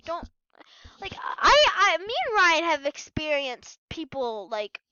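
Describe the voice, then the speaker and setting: A woman's voice: sits high, very animated, takes it slowly, noisy background. A young female vlogger talking in an upset, rambling way with many fillers, on a dull lo-fi recording. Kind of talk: emotional gaming vlog.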